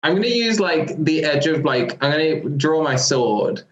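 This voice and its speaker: A man's voice: fairly high pitch, expressive, moderate pace, reverberant, lo-fi sound, slight background noise. A man playing a tabletop game, describing his actions hesitantly with many fillers. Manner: hesitant, many likes and ums. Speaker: player.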